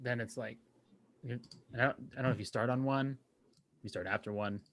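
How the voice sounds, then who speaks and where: A man's voice: medium pitch, steady tone, brisk, a bit bright. A man co-hosting a podcast in casual chat, joking and rambling, often stopping to correct himself. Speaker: podcast co-host.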